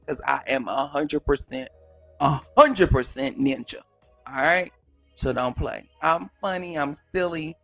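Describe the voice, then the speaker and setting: A YouTube pop culture reviewer hosts his own vlog from a small home studio, opening with a casual intro and speaking straight to viewers, animated and chatty, with repeated catchphrases. His fairly high-pitched voice has vocal fry, and the recording is dry.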